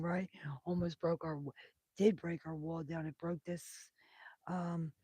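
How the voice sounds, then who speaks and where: Breathy, whispery woman reading tarot. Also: fairly low pitch, little pitch movement, measured pace, dry recording. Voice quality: breathy, whispery, hoarse-edged voice. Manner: soft-spoken, meandering, drifts into whispers. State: voice damaged after intubation. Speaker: tarot reader. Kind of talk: live-streamed tarot reading, chatting with viewers.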